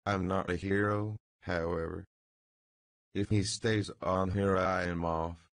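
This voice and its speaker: A man's voice: sits low, fairly even intonation, slow pace, no room sound. A man reading as a weary, brooding young poet. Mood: uneasy. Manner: quiet, tense.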